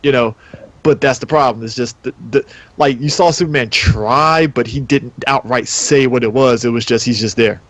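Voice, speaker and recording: A man's voice: medium pitch, moderate pace, dry recording. A man arguing in a casual movie debate, rambling with restarts and acting out quoted lines. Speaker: debate panelist.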